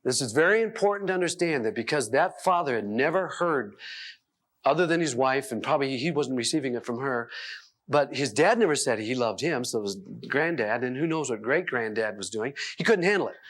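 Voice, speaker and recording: A man telling stories in a self-help talk, animated and chuckling as he voices the people in them. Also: medium pitch, fairly quick. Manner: chuckles between sentences. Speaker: seminar speaker.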